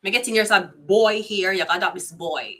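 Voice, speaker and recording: Jamaican woman, casual tarot reading, blunt patois chatter, sharp voice, distant from mic. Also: mid-range voice, fast. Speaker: tarot reader.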